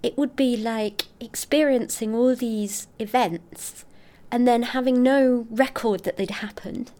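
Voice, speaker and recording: A middle-aged woman, a scientist explaining her research in an interview, articulate and expressive. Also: a little high, unhurried. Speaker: scientist guest.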